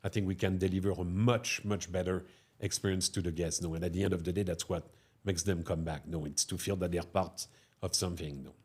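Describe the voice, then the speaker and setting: A man's voice: sits low, brisk, husky. A middle-aged man with a French accent, a restaurateur telling stories in an interview and tagging his sentences with "no?" and "huh?". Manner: animated, tags sentences with "no?" and "huh?". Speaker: restaurateur guest. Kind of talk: storytelling interview talk.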